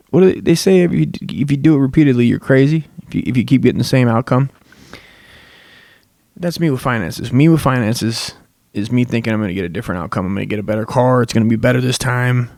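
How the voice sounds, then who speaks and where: A man's voice: mid-range voice, darkish tone, dry recording. A young man delivers a loose, profane comedic rant as a podcast host, swearing constantly and drifting from one tangent to the next. His voice sits in an ordinary middle register, and he is recorded close on a dry mic with no room sound. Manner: crude, rambling, swears constantly. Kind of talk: rambling profane comedic monologue.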